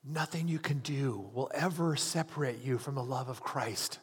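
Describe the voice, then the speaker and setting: A man's voice: mid-range voice, normal speed, husky. A hospital chaplain telling a story in a sermon, earnestly acting out the people he quotes. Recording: long hall reverb.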